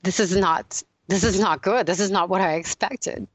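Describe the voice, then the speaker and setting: A woman's voice: mid-range voice, moderate pace, dry recording, natural voice, poor audio. A woman playing Sir Gawain, an eager young knight. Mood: earnest.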